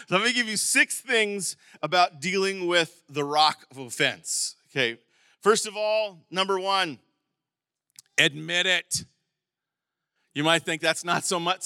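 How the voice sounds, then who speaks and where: A middle-aged man preaching a sermon as pastor, animated, with sudden emphatic bursts and some stumbling over words. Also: high voice, a little slow, no echo, clean studio sound. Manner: stumbles and repeats words at times.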